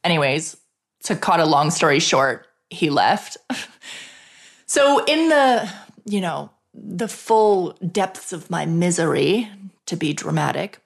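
A woman hosting a podcast, telling a personal story in a frank, chatty way, swearing freely and filling her talk with "like". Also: on the low side. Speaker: podcast host.

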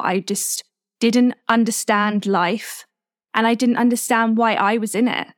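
A woman in her twenties hosting a podcast, telling a personal story in a candid, reflective, unhurried way. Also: mid-range voice, no echo, studio quality. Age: 20s. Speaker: podcast host.

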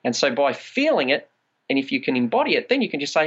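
A man's voice: mid-range voice, very animated, fast, a bit bright, slightly rough, muffled recording. A man, a trauma release practitioner, explaining body practices in a conversational podcast interview and acting out quoted inner voices.

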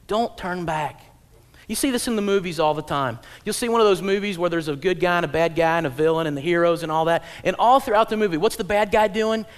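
Animated high-voiced male preacher. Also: big-room sound. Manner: animated, swings from loud acted-out quotes to low quiet asides; humorous, conversational preaching. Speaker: pastor. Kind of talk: sermon.

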